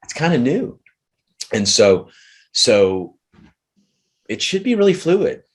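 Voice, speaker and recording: A man leading a group session on relationships, talking earnestly and slowly, often restarting his sentences. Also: mid-range voice, very animated, husky. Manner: earnest, slow and searching, many restarts. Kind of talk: coaching talk with a participant.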